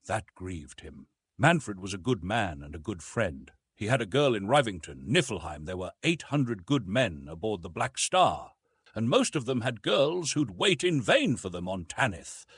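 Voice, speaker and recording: A man reading a science-fiction audiobook aloud in an expressive, storytelling way. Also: on the low side, measured pace, husky, no echo. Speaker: audiobook narrator. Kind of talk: scripted audiobook narration.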